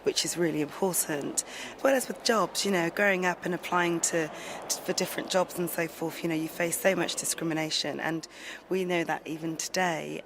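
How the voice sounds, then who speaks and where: A woman giving earnest interview answers who often restarts her words, recorded in a large indoor lobby with people talking in the background. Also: deep voice. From England. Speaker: interview guest. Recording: noisy public lobby.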